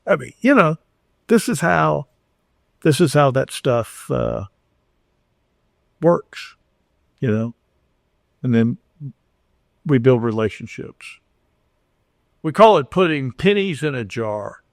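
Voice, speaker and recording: Older man, gravelly voice, earnest storytelling, lots of restarts, dry close sound. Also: mid-range voice, takes it slowly, pauses often, no room sound. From Houston, Texas. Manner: earnest, full of restarts, acts out dialogue. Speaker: podcast guest. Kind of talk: conversational storytelling.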